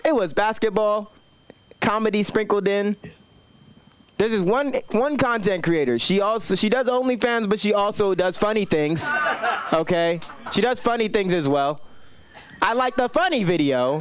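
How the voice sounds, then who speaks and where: A man doing a casual, profane stand-up set on a comedy club stage and hosting the open mic. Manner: casual, profane, acts out phone calls in high voices. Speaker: stand-up comic and host.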